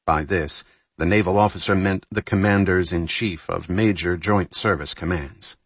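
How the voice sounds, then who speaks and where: A man reading a thriller novel aloud in measured, scripted audiobook narration. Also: sits low, breathy edge, no echo.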